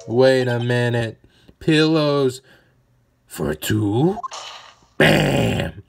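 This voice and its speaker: A man voicing a brash young male defense lawyer who presses witnesses with loud exclamations. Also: a little high, lively intonation, unhurried, full character voice. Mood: pressing. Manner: punchy, exclaiming. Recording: music playing behind.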